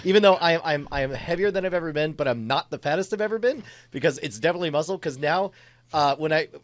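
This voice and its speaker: A man co-hosting a podcast, his voice a touch higher than most men's. He rambles along in a self-deprecating way, stopping and restarting his sentences. The sound is dry and close, with no room in it. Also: fast talker, dry recording. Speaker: co-host. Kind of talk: casual podcast chat.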